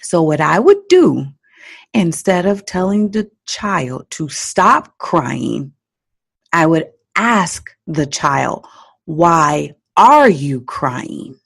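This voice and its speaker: A woman hosting a parenting podcast, giving advice in an animated, teacherly way and laughing at her own stories. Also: on the low side, takes it slowly, creaky, husky. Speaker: parenting coach and podcast host. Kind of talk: solo podcast advice talk.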